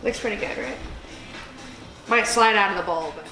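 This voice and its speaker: Tipsy woman, crude giggly cooking host, sharp bright tone, roomy echo. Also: medium pitch, moderate pace. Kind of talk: casual cooking vlog. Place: home kitchen. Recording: echoey room with faint music.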